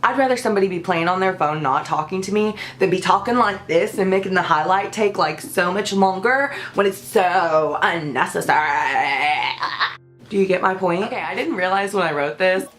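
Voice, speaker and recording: A young woman with a lowish voice gives salon advice in a vlog. She is blunt and sassy, and sounds exasperated as she lays down the rules. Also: moderate pace, fairly bright tone, soft background music. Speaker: hair stylist. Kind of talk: instructional vlog.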